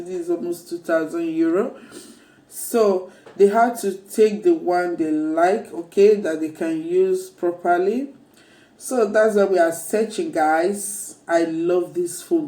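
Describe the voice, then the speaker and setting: A woman vlogging from a handheld phone, her voice mellow and slightly low as she gushes and repeats herself to viewers. She speaks slowly and calls them "guys" again and again. The sound carries a noticeable room echo. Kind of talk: casual vlog chat. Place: phone shop, then at home.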